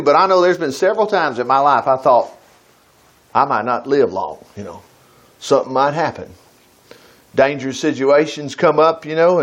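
A middle-aged man teaching scripture in a folksy, animated way, moving between reading verses and casual asides. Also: on the high side. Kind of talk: informal Bible teaching.

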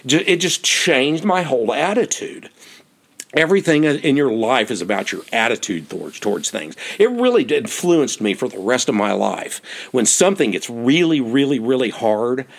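An American man telling a personal story for his podcast, animated and laughing often as he repeats himself. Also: mid-range voice, moderate pace.

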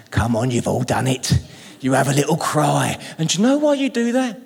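Lively British preacher in a reverberant hall. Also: male voice, mid-range voice, moderate pace, creaky, breathy edge. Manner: lively, humorous, calls out to the congregation. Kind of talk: sermon. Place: church hall. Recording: long reverb in a large hall.

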